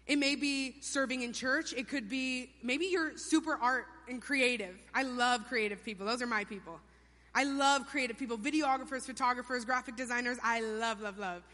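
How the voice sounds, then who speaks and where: Bright high-voiced young woman preaching. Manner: chatty, playful, acts out quotes in funny voices. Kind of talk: sermon. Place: church sanctuary. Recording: long hall reverb.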